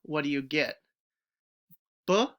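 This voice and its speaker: Slow, bright-voiced woman teacher. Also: fairly low pitch, animated. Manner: stretches out word sounds slowly and clearly; encouraging, speaks directly to children. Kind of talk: recorded phonics lesson for young pupils.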